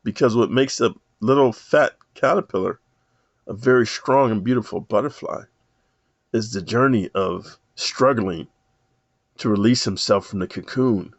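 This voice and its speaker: A man playing a calm, wise old man who explains slowly and patiently. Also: lowish voice, no echo, pitched below the performer's own voice. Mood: lecturing. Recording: dull lo-fi dry sound.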